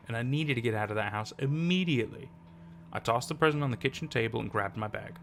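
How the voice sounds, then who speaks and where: Gravelly-voiced man narrating horror. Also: mid-range voice. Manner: steady, measured reading. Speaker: storyteller.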